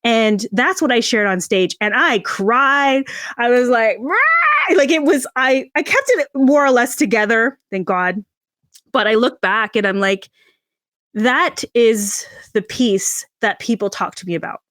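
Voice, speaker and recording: Animated woman telling a personal story. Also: unhurried, no room sound, studio quality. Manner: expressive, acts out quoted voices with big pitch jumps. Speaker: podcast guest, personal brand coach.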